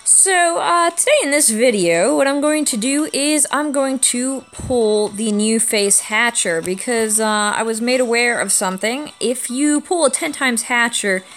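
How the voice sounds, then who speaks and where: A woman's voice: a little high, measured pace, few pauses, fairly bright tone. Congested young woman chatting about games. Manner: chatty, explains game mechanics to viewers. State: congested from a cold. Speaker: YouTube gaming channel host. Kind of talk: casual gacha-game commentary.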